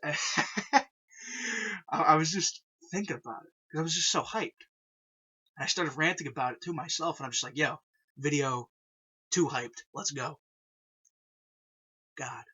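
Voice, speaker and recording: A young man in a casual fan vlog, rambling excitedly and saying "yo" over and over. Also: fairly high pitch, breathy edge. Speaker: video creator. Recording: dull lo-fi recording.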